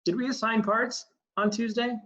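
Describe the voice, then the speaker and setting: A man's voice: extremely high pitch, little pitch movement, moderate pace, a bit bright, lo-fi sound. A man teaching an acting class, coaching students and demonstrating lines aloud. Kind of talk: online acting class instruction.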